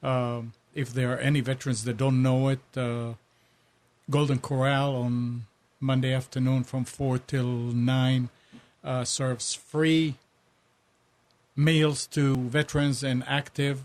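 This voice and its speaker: A man's voice: medium pitch, flat delivery, slow, darkish tone. A man on a radio show passing on plain, practical information. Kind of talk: radio talk, announcing tips.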